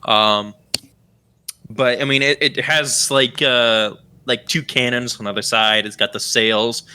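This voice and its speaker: A man's voice: medium pitch, fairly even intonation, slow pace, sharp tone, smooth. A young man narrating a tabletop game as game master, rambling with many fillers.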